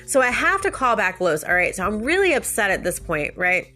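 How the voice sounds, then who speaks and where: A woman's voice: medium pitch, brisk, soft background music. Chatty woman telling a story. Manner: chatty, animated storyteller who laughs often. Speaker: podcast host and life coach. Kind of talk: casual storytelling monologue.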